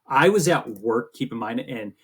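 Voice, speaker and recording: Male podcast co-host, husky voice, chatty storyteller, casual sports banter. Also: mid-range voice, normal speed. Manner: rambling, animated storytelling with swearing.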